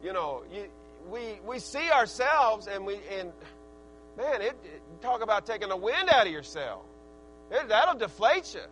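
A middle-aged man preaching a sermon in a folksy, earnest way, his loudness rising and falling. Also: sits high, big pitch swings, measured pace, a little hiss or hum, rough recording.

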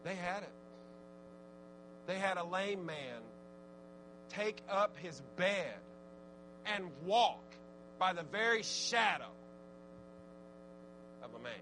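Man, preacher, high bright voice, fervent then conversational, faint hum. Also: lively intonation, slow, pauses often, low-quality recording. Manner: rising to fervent shouted exhortation, then dropping low and conversational. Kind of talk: sermon.

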